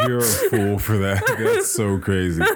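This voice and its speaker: A man's voice: on the low side, huge pitch swings, unhurried. A man hosting a podcast, chatting casually with a guest in a teasing, joking way and cursing bluntly. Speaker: podcast host. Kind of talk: casual chat. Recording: noisy background hiss.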